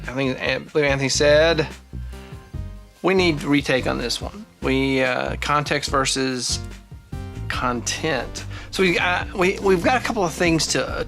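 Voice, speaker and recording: Man, forties, vlog host, casual monologue, restarts often, mid pitch. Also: fairly bright tone. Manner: thinking aloud with frequent restarts and fillers. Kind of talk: casual talking-head monologue.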